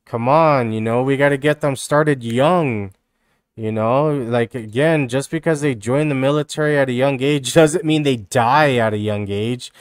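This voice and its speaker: Male streamer, smooth dry voice, rambling and sarcastic, repeats himself constantly. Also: medium pitch, unhurried, dry recording. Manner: rambling, repetitive, mocking, peppered with "dude" and "you know". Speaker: live streamer reacting to videos. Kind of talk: casual rambling stream commentary.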